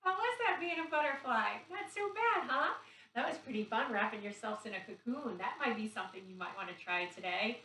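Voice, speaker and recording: A middle-aged woman, a pre-k teacher, gently guiding young children through yoga poses on video in an encouraging, sing-song way. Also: a little high, moderate pace. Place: home room recorded on camera. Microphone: camera mic from a distance. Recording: echoey room, far from the mic.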